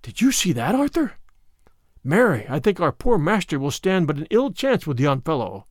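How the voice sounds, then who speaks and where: Bluff excitable outlaw, a man puts him on, lively pitch, dry close sound, old-style oaths. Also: normal speed, no room sound. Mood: amazed. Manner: exclaiming, archaic oaths.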